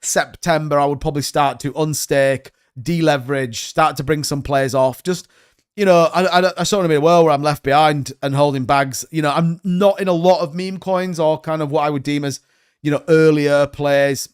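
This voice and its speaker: A man hosts a live stream, giving loose, rambling market commentary. His voice sits a little high, and he hedges and wanders as he chats. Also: fairly even intonation, normal speed, clean tone. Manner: rambling, hedging, chatty. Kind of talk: casual crypto market commentary.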